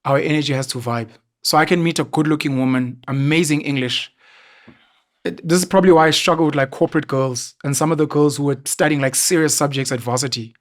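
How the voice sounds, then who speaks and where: A young man from South Africa, a podcast guest chatting casually and telling stories in an animated way, mimicking other people now and then. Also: on the high side, a little fast.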